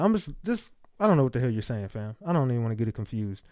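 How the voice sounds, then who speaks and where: A man's voice: medium pitch, animated, normal speed, warm tone, no echo, studio quality. A man hosting a livestream, reading chat comments aloud and snapping back at viewers in blunt, profane casual talk. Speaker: livestream host.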